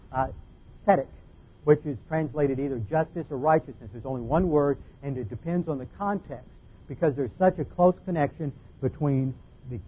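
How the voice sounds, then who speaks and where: Husky-voiced man teaching scripture, tinny sound. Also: on the high side. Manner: explanatory, methodical, emphasizing key words. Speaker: Bible teacher. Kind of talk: expository Bible teaching.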